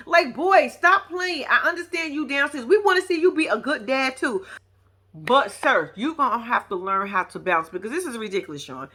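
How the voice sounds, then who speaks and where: Lively, bright-voiced sassy woman vlogger. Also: high voice, normal speed. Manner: blunt, profane and sassy, addressing viewers directly. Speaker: reality TV reaction vlogger. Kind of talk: casual reaction commentary.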